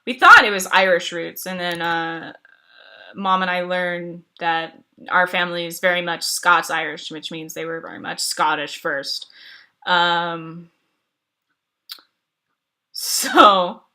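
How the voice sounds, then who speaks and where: A woman chats casually on a stream, answering her viewers. Her voice sits a little low but has a bright, sharp edge. She rambles, restarts her sentences and breaks into laughs often.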